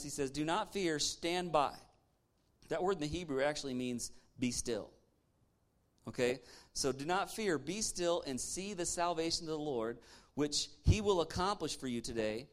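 A pastor, a man whose voice sits slightly high, delivers a lively sermon. He speaks in punchy bursts, mocks complainers in quoted asides and keeps asking the congregation rhetorical questions. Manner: animated, punchy preaching with mocking asides and sarcastic quoted voices.

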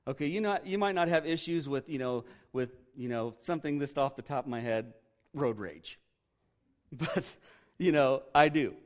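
A man preaching a sermon in a conversational way, often pausing to quiz his congregation. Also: medium pitch. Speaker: pastor.

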